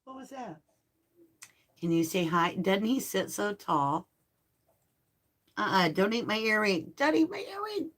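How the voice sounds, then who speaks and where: A woman's voice: mid-range voice, slow, pauses often, fairly bright tone. A middle-aged woman hosting a live tarot stream, chatting casually with viewers and cooing baby talk at her dogs.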